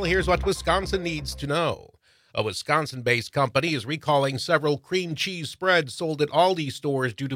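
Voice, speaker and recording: A man reading a scripted radio news bulletin in a measured, formal manner. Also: medium pitch, fairly bright tone, dry recording, clean studio sound. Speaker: newsreader.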